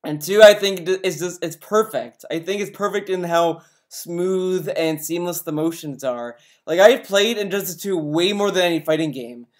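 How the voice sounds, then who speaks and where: A man's voice: sits high, normal speed, few pauses. A man hosting a casual reaction video, ranting in exasperation and swearing freely. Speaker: video host reacting to a review.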